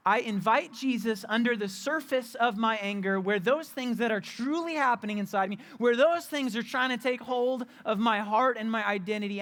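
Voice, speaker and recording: A man's voice: extremely high pitch, a bit bright. A young adult man preaching a candid, conversational sermon as a youth pastor, often repeating and restarting his phrases.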